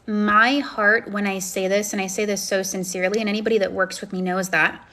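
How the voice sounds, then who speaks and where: A woman's voice: medium pitch, little pitch movement, fairly quick, hardly any pauses, sharp tone. A woman coaching and chatting on a phone live stream, effusive and encouraging as she answers comments. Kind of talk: casual live-stream chat, reading comments.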